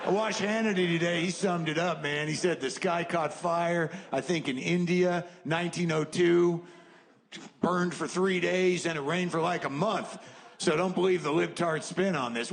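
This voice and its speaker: A man's voice: fairly high pitch, moderate pace, gravelly. A man in his fifties doing a stand-up comedy set, ranting in a profane, exasperated way. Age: 50s. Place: comedy stage. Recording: noisy live stage recording.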